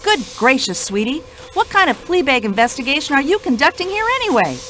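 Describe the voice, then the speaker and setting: Woman acting as an older widow, indignant chatter, high-pitched, bright and sharp. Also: sing-song, brisk, a little hiss or hum, low-quality recording. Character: brash talkative older American widow. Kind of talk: radio play acting.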